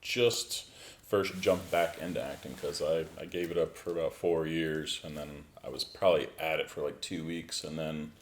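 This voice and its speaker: A man who works as an actor, talking casually as a guest in a relaxed way, with many filler phrases. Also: extremely low pitch, moderate pace, slight background noise. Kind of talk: casual interview chat.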